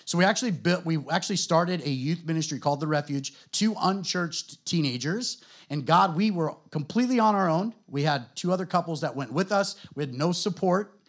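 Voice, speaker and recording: A middle-aged man with an American accent, a guest pastor telling his story to a church in a relaxed, conversational way, full of fillers. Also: a little high, brisk. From United States. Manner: conversational, self-deprecating, many fillers.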